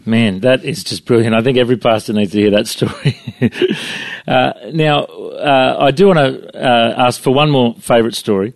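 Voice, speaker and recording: Brief: male interview host, hesitant and gravelly, dry close sound. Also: mid-range voice, moderate pace, no room sound. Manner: hesitant, lots of fillers. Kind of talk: casual interview.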